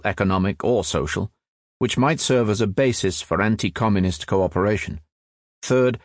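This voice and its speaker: A man reading nonfiction as an audiobook narrator, in a measured, even storytelling delivery. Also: fairly low pitch, dry recording, clean studio sound.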